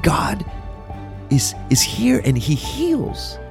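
A man's voice: fairly high pitch, wildly swooping pitch, extremely slow, creaky, over music, pitched above the performer's own voice, full character voice. A man imitating his ailing wife, raising his voice into an eager, amazed tone.

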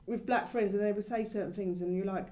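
A woman's voice: mid-range voice, fast talker. A woman co-hosting a casual conversation, speaking in loose, trailing fragments and lifting her voice when she quotes people. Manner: talks in loose, trailing fragments, animated when quoting others.

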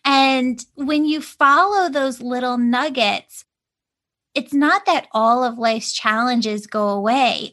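A woman's voice: sits high, fairly bright tone. A woman hosting a spiritual podcast, chatting casually and reading upbeat announcements. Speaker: podcast host.

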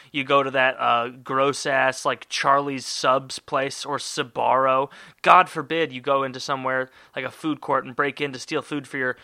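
Sharp-voiced man ranting profanely. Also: medium pitch, no echo, clean studio sound. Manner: profane, rambling, sarcastic. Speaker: podcast host. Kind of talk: solo podcast rant.

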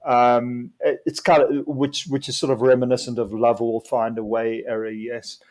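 This South African podcast co-host reviews an album casually and enthusiastically, his delivery measured and sprinkled with a few fillers. His mid-range voice keeps a level, slightly mellow tone.

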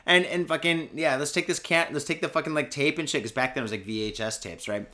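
A man hosting a podcast, telling a story in a loose, profane way, swearing constantly and shouting out quoted lines. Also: on the high side, quick pace. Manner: profane, peppers speech with "and shit" and "fucking". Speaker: podcast host.

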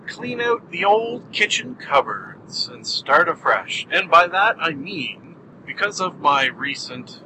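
A man's voice: fairly high pitch, pushed and bright, a little hiss or hum, low-quality recording. A man hosting his own podcast alone, talking in a playful, self-mocking way full of jokey asides. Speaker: podcast host. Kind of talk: solo podcast monologue.

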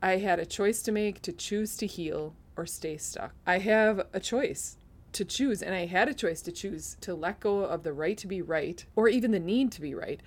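A woman's voice: medium pitch, normal speed. A woman hosting a podcast, earnestly sharing a faith testimony, teary-eyed and laughing at herself at times. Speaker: podcast host.

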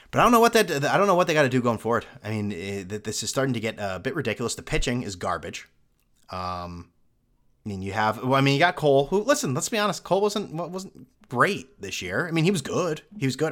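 A man's voice: medium pitch, very animated, fast talker, a bit bright. A young man hosting a solo sports podcast, ranting in a sarcastic, mocking way. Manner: sarcastic, mocking, with mimicked fan voices. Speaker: podcast host.

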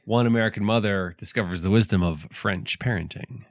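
A man who teaches high school English, talking in a casual podcast chat, wordy and self-deprecating, often pausing on ums.

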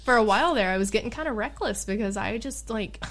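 A middle-aged woman tells a field story in an easygoing chat, her voice in a middle register. She sounds animated and exasperated, with laughter slipping in. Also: medium pitch, fast talker. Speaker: Bigfoot researcher guest.

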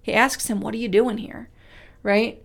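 A woman's voice: a little high, steady tone, creaky. Earnest woman giving a devotional talk. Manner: earnest and conversational, repeats key phrases for emphasis; reads scripture aloud with slow, weighty delivery. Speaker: speaker teaching a Bible study.

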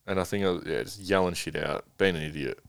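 A man's voice: sits low, steady tone, fast talker, vocal fry, no echo, clean studio sound. A young man casually telling a long rambling story as a guest, swearing freely.

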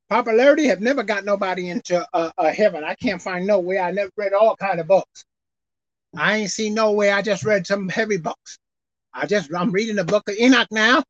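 A woman preaching a sermon in a casual, folksy way, swinging between shouted highs and low murmurs. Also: fairly quick, no echo. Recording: dull lo-fi recording.

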